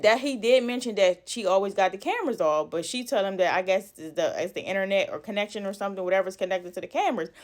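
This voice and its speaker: A woman vlogger chatting casually through a gossipy story, acting out what people said, recorded on her phone. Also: mid-range voice. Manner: animated, talkative, acts out quoted dialogue.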